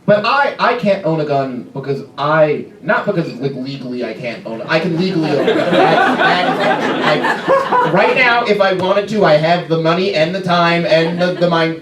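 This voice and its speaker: A man's voice: on the high side, very noisy. Young man doing stand-up in a club. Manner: self-deprecating, quick asides and stumbling restarts. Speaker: stand-up comedian. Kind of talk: stand-up routine. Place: comedy club stage. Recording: roomy club from a distance. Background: audience laughter.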